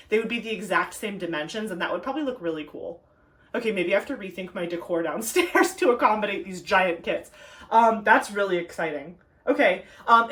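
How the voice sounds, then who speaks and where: A woman's voice: medium pitch, fairly bright tone. A woman hosting a casual craft unboxing at home, chatty and enthusiastic as she gushes over the details. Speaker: craft video host.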